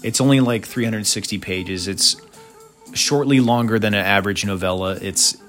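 A man hosts a casual podcast, working through albums in a laid-back, chatty monologue full of filler "uh"s and opinionated asides. His voice is on the low side but fairly bright in tone, at a moderate pace, with soft music playing in the background.

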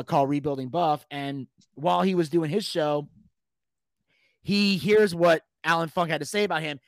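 High-voiced man telling a story. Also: no echo. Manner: animated, profane, acts out quotes. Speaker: podcast guest. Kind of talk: casual storytelling.

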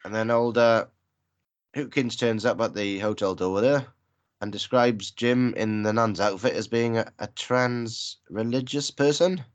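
A man's voice: mid-range voice, fairly even intonation, a little slow. A man making dry, wry comments in a casual chat about a film. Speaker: film podcast co-host.

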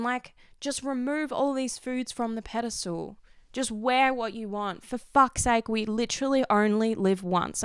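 A woman's voice: mid-range voice, a bit bright, clear, resonant tone, dry recording, studio quality. A young woman hosting a podcast, talking intensely about her body and often swearing. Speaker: podcast host. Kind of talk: passionate solo podcast talk.

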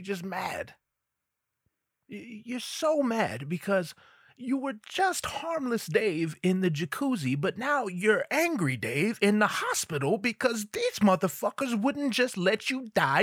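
A man's voice: high voice, big pitch swings, slow pace, a bit bright, breathy edge, no echo, clean studio sound. A man hosting a solo comedy podcast in a crude, rambling, darkly joking monologue. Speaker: podcast host.

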